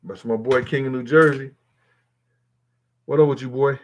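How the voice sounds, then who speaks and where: Guy doing a livestream, mid pitch, rambles, swears, chats back at the comments. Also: steady tone, normal speed. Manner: rambling, profane, talks straight to viewers. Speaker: livestream host reading chat. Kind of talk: casual live-stream chat.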